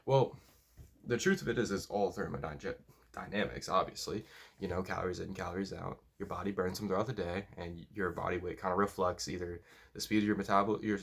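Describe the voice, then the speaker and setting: A man giving casual, blunt, profanity-laced lifting and diet advice as a powerlifting coach. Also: low voice. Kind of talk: casual talking-head advice.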